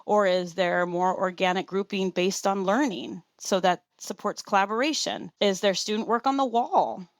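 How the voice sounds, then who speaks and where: A woman's voice: mid-range voice, normal speed, few pauses, no room sound, studio quality. A woman guest expert on a podcast, earnestly explaining her ideas on teaching and laying them out point by point. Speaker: teaches students. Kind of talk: podcast interview answer.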